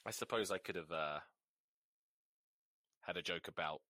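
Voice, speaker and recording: Exasperated podcast host. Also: male voice, low-pitched, moderate pace, bright, forceful tone, no echo. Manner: rambling, exasperated, swears. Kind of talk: casual solo podcast rant.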